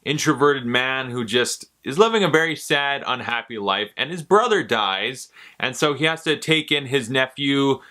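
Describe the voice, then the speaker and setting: A young man talks through a movie review in a relaxed, offhand way. He drops sarcastic asides and casual swearing. His tone is bright and sharp at a middling pitch. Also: normal speed, hardly any pauses.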